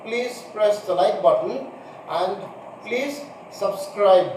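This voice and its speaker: A man's voice: high-pitched, expressive, takes it slowly, darkish tone. A male teacher giving a recorded grammar lesson, patiently repeating points and spelling out examples. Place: room with a board. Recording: echoey room, mic far off, faint hiss.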